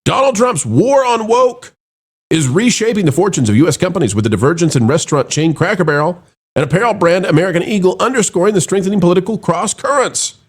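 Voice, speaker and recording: A middle-aged man hosts an opinionated commentary show, sarcastic and mocking, in an animated, quick, husky voice. He swings dramatically between high and low tones.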